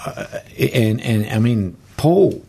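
A man with an Australian accent, a guest author telling folksy stories in an animated way during an interview. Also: mid-range voice, slow pace. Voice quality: gravelly, husky. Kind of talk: storytelling interview talk.

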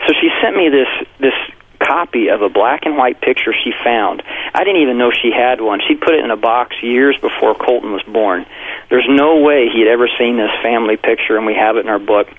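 The interviewee, a male pastor and author, tells a personal story in a medium-pitched voice at a fairly quick clip. Animated throughout, he raises his voice to perform quotes, heard through tinny, phone-like broadcast sound.

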